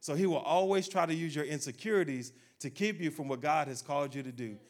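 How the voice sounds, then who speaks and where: Man preaching a conversational sermon. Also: fast. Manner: acts out doubters' complaints in a low, quiet voice; direct, conversational preaching to the congregation. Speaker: pastor.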